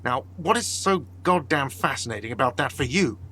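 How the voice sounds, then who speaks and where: A man's voice: mid-range voice, expressive, normal speed, sharp tone. A man voicing an irritable cafeteria manager in a video game, curt and impatient.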